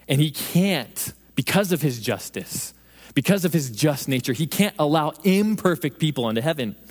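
A man preaching a sermon in an earnest voice, slowing and softening for emphasis. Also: fairly high pitch. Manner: earnest, building then dropping to slow soft emphasis. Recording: long reverb of a hall.

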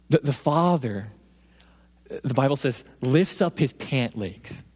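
Guy preaching a sermon, earnest, drops soft and slow for the big points, long echo in the room. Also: mid-range voice, expressive. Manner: earnest, building then dropping to slow soft emphasis. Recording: long reverb of a hall.

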